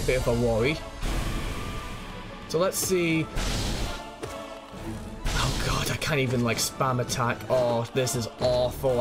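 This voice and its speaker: A young man streaming a game, out of breath, swearing and shouting in triumph, then grumbling through his commentary. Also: on the high side. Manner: swearing, excitable, yells in triumph. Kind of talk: live gameplay commentary.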